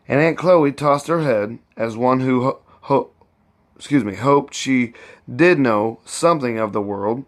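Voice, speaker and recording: A man narrates a classic novel at a very slow, deliberate pace. His pitch sits in an ordinary middle range, and he trips over words now and then, backing up to correct himself before going on. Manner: unhurried, stumbles and restarts, corrects himself. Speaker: amateur audiobook reader. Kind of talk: reading a novel aloud.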